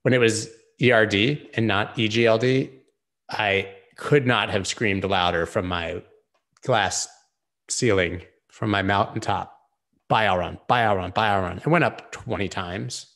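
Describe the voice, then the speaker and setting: Male streamer host, deep voice, casual chart talk, jokey and rambling. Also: a bit bright. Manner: joking, rambling, quick asides.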